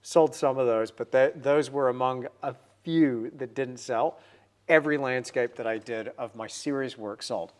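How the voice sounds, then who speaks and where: A man's voice: medium pitch, moderate pace. A man in his forties hosting a livestream, painting while chatting upbeat and answering viewer comments.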